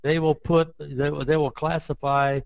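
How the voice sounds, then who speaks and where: A man's voice: a little high, little pitch movement, a little slow, vocal fry, no room sound, low-quality recording. An older man explaining his ideas in conversation, emphatic and admittedly emotional, repeating points for force. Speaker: interview guest, framework creator.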